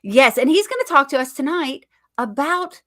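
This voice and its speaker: A woman hosts an online comedy talk show, bantering casually and playfully teasing both herself and her guest in a self-mocking way. Her voice is high and animated, at normal speed, with a fairly bright tone.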